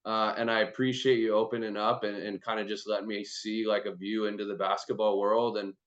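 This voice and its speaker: A lower-voiced man chats on a video call, easygoing and profane, stringing thoughts together with "like" and "you know." The audio is dull and lo-fi, as if coming through a laptop mic. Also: flat delivery, a little fast, a bit bright. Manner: loose, chatty, swears freely, many "like"s. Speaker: host and performance trainer. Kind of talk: casual video-call chat.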